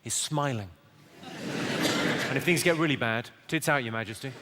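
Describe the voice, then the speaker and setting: A male stand-up comedian, delivering deadpan one-liners with quick asides to a live audience. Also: mid-range voice, big-room sound, very noisy. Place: large theatre stage with audience. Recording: live theatre recording, loud audience. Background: loud audience laughter.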